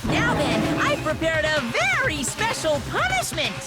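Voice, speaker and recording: A sing-song sadistic robot bear. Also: male voice, wildly swooping pitch, measured pace, sharp tone, soft background music, exaggerated voice. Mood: gleeful. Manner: sing-song, mocking falsetto.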